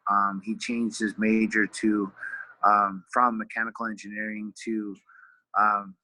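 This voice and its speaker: A man's voice: on the low side, pushed and bright, no echo, low-quality recording. A middle-aged man from California, a retired fighter and wrestling coach, earnestly telling a family story in a casual interview, full of fillers and repeated words.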